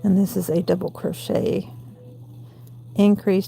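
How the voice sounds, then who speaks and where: A woman in her forties with a gravelly voice and a Southern US accent, hosting a late-night crochet livestream from home and counting stitches aloud between chatty asides. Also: lowish voice, steady tone, normal speed, mellow, soft background music. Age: 40s. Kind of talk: casual crochet tutorial chat.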